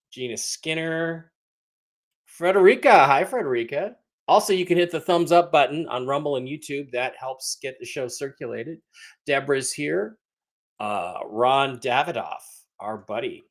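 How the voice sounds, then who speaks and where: A man hosting a casual livestream, greeting viewers in the chat and teasing them in a rambling way. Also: medium pitch. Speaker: livestream host.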